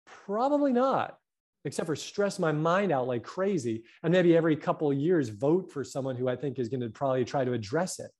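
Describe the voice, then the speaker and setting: Animated man with a raised voice. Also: fairly high pitch, a little fast. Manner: animated, tags points with "right?". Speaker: health guest. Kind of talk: casual conversation.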